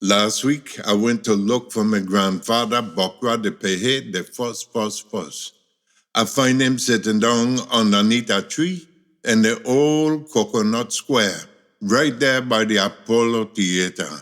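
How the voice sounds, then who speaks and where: A man's voice: lowish voice, slow, fairly bright tone. A man telling a folksy tale in a rhythmic spoken-word style. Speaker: storyteller.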